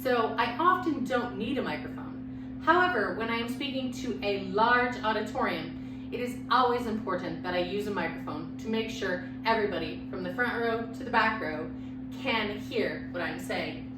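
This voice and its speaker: A woman lecturing on public speaking with a loud voice and lively, expressive pitch. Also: moderate pace. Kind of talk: recorded lecture. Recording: echoey room, mic far off, background hum.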